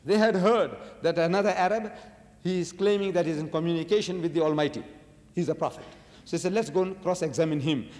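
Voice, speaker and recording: A man's voice: a little high, darkish tone, big-room sound. A man giving a public religious lecture, emphatic and rhetorical, often putting questions to his audience.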